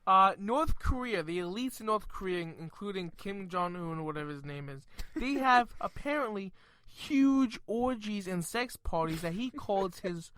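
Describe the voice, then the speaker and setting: A man with a high, bright, tense voice co-hosts a comedy radio show. He relays strange stories in a chatty way and laughs partway through sentences. The sound is close and dry. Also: lively intonation, measured pace, clear, resonant tone, no echo.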